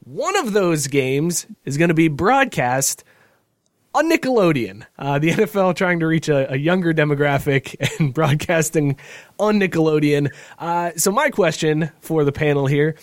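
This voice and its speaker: A man's voice: a little high, expressive, moderate pace, dry recording, clean studio sound. A man hosting a casual podcast chat over a video call, loose and joking, laughing often. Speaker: podcast host.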